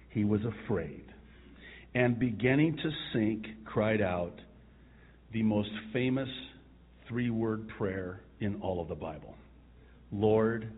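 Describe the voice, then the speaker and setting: A male pastor preaching a sermon, telling the story with chuckles and soft asides. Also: on the low side, husky. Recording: tinny phone-like sound.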